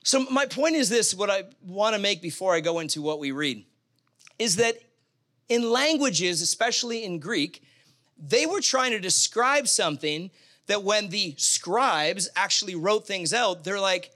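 A man with a high, bright voice delivers a sermon in a church, talking easily and animatedly. He throws questions and asides out to the congregation as he goes. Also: expressive, normal speed. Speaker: pastor.

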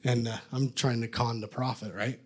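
Guy preaching his testimony, rambly and joking at himself, middle pitch, from canada. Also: flat delivery, normal speed, darkish tone, husky. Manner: rambling, self-mocking storyteller. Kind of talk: testimony storytelling.

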